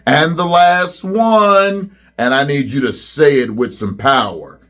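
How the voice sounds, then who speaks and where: A man's voice: a little high, slow pace, a bit bright. A middle-aged man, a school principal, addressing students in a welcome video and leading them in call-and-response chants.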